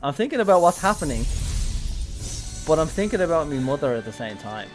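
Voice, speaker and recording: A man's voice: on the high side, sing-song, fairly quick. A man streaming a game, talking candidly and emotionally, with casual swearing. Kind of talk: casual live-stream commentary. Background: game music.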